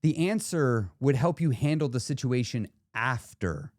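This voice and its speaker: Man, forties, podcast host, conversational explainer, very animated pitch, dead dry sound. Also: measured pace, no room sound. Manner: explanatory, conversational, talks to the listener directly. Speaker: podcast host and weight-loss coach. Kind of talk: solo podcast monologue.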